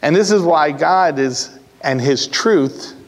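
A man preaching a sermon as pastor, earnest and repetitive, with pauses and restarts. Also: on the high side, animated. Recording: hall reverb.

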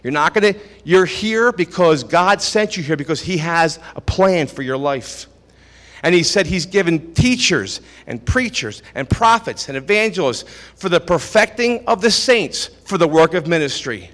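A man's voice: on the high side, animated, moderate pace, a bit bright. A man preaching a sermon at a church service, emphatic and repeating phrases for stress. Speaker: pastor. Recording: echoey hall with long reverb.

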